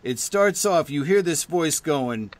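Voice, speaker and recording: A man's voice: on the high side, expressive, unhurried, no room sound. A man hosting a rock radio interview, chatting casually and enthusiastically, swearing freely. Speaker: radio show host.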